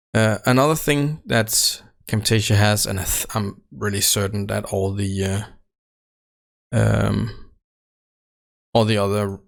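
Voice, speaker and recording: Lowish and gravelly, the tech channel host's voice comes through a desk mic held close to his face in a home room without sound treatment. He walks through his recording setup casually, stopping often with fillers and restarting sentences.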